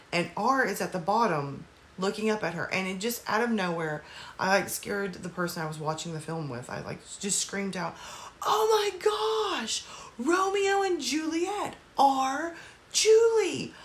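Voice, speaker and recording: A woman's voice: fairly low pitch, fairly quick, fairly bright tone. A woman casually recapping a movie's plot at home, rambling with lots of fillers and apologetic asides. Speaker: movie reviewer.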